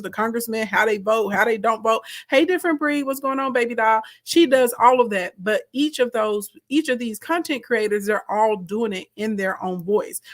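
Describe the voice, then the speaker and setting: Emphatic woman coaching on a live stream. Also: a little high. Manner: direct, emphatic, chatty, reads viewer comments. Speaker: host, content coach.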